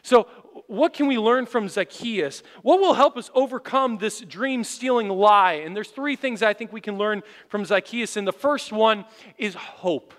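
A man with a strikingly high, bright, forceful voice preaches a sermon from the pulpit. He tells his stories with animation and now and then pushes up to a shout for emphasis. His voice trails off into a long reverb that fills the church sanctuary. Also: measured pace. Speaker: pastor.

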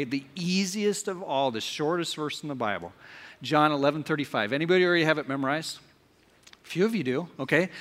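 High, bright-voiced pastor in a reverberant hall. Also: male voice. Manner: interactive, asks congregation questions and leads call-and-response. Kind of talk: sermon. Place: church sanctuary. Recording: live hall with long reverb.

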